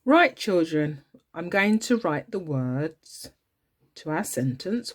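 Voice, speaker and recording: An early years teacher gives a phonics lesson to young children from home, using an exaggerated sing-song style and playfully pretending to get things wrong. Her voice sits low and she speaks slowly.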